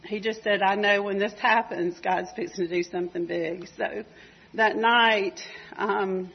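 A woman's voice: medium pitch, steady tone, measured pace, creaky, husky, lo-fi sound. A woman with a Georgia accent giving a rambling, heartfelt church testimony about a mission trip. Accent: Southern US (Georgia). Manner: rambling, emotional, chatty with fillers. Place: church service.

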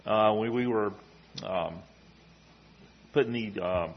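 A man giving an earnest, halting church testimony and quoting scripture. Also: lowish voice, highs cut off, slight background noise. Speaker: mission trip team member giving testimony. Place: church service.

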